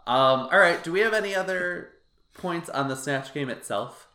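A man's voice: on the high side, expressive, moderate pace, pushed and bright. A man hosting a podcast in casual chat, chatty and full of "like" and "um" fillers. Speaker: podcast host. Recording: roomy echo.

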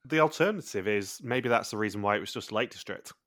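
Low-voiced chatty man recapping a show. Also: lively intonation, fast, a bit bright, no echo, studio quality. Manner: chatty, recaps plot points in long runs. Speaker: podcast host. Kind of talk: casual chat recapping a TV show.

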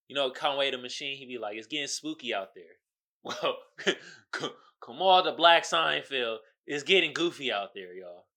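A man hosting a casual comedic commentary show, speaking, animated with loud outbursts and laughing asides. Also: fairly high pitch. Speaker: podcast host.

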